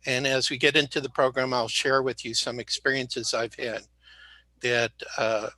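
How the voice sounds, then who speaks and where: A man's voice: mid-range voice, little pitch movement, moderate pace, pushed and bright, dry recording. A man speaking as a guest, rambling and joking as he talks and correcting himself mid-sentence, slightly sick. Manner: rambling, jokey, self-correcting. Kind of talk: casual interview talk.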